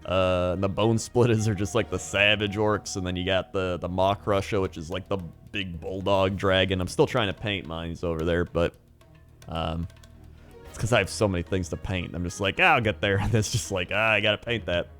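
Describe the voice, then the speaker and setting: A man's voice: low voice, fairly even intonation, brisk, a bit bright, soft background music. A young man talking casually and enthusiastically on his own, rambling with frequent chuckles and restarts. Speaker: hobby video host. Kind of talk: casual monologue.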